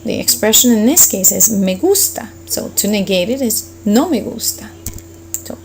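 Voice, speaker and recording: A woman in a recorded lesson, explaining grammar one step at a time at a mid-range pitch. She slows down for each example so students can follow. A faint hum runs under the recording. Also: expressive, a little mellow, low-quality recording. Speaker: Spanish teacher.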